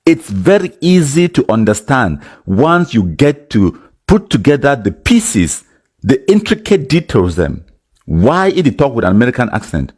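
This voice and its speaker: A man's voice: mid-range voice, very animated, normal speed, a little mellow, husky. A man with a Cameroonian Pidgin English accent, giving casual spoken commentary and mixing Pidgin with English.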